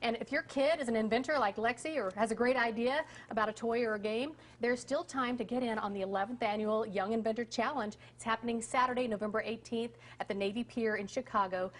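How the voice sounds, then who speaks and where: A woman's voice: a little high, fast talker, few pauses, slight background noise. Enthusiastic woman TV host. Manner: enthusiastic, gushing praise. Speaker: TV show host. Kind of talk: upbeat morning TV interview.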